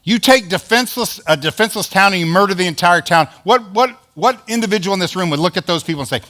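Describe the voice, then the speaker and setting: Pastor guy preaching, high bright voice, chatty and emphatic. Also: expressive, quick pace, few pauses. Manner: emphatic, conversational preaching with acted-out quotes. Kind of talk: sermon.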